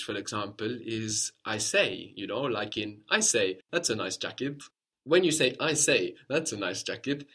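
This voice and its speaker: A man's voice: medium pitch, fairly bright tone, slightly rough. A man teaching a language lesson, patiently explaining step by step and modeling phrases for a learner to repeat.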